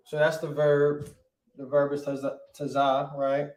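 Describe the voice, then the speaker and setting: Brief: male teacher, slightly higher voice, casual, peppers with "right?", echoey room. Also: monotone, a little mellow. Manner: casual, says "right?" constantly, sounds out words slowly. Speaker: Hebrew teacher. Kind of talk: online language class.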